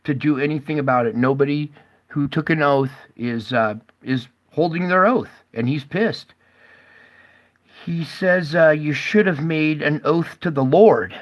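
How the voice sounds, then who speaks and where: A man giving rambling, casual reaction commentary with many fillers and pauses. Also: mid-range voice. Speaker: commentary host.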